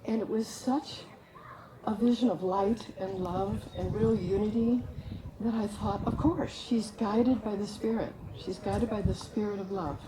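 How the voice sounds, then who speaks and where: A woman telling a lively personal story at a memorial gathering, acting out the people she quotes. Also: mid-range voice, unhurried, background noise. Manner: animated, acts out quoted voices. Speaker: memorial speaker.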